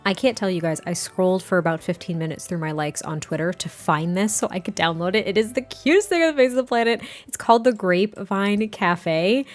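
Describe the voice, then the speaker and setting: A woman hosting a let's play, chatting excitedly and getting exasperated at her game. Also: mid-range voice, faint music behind. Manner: chatty, excitable, quick to exasperation, laughs often. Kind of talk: casual gameplay commentary.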